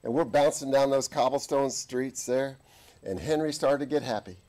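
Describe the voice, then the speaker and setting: A middle-aged man preaching a sermon as an army chaplain, telling stories and acting out voices in the quotes. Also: moderate pace. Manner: animated, acts out quotes with big pitch jumps. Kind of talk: sermon with storytelling. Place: church.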